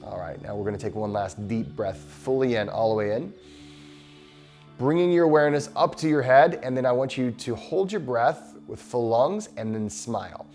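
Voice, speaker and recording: A man hosting a show, leading a guided breathing exercise in a slow, soothing, encouraging way. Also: mid-range voice, darkish tone, soft background music. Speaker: breathwork host.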